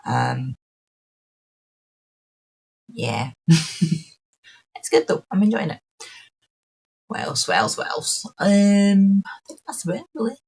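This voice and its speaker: A woman's voice: medium pitch, big pitch swings, slow pace, creaky, pauses often, a little mellow, husky, poor audio. A Scottish woman hosting a podcast, chatting casually and rambling with lots of ums and restarts. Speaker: podcast host. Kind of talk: casual chat.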